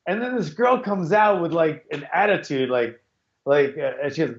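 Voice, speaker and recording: A man's voice: a little high, fairly quick. A middle-aged man with a slightly raised voice tells a rambling story over a video call, circling back and restarting his sentences as he goes. The audio is dull and muffled, and his voice rings in an echoey room. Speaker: podcast host. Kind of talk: casual chat.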